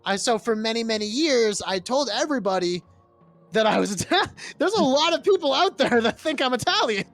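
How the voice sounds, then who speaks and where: A man's voice: very high voice, animated, brisk, a bit bright, soft background music. A man in his late twenties from Massachusetts, chatting casually on a stream and telling stories animatedly, laughing and swearing freely. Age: 20s. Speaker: stream co-host. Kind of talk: casual chat.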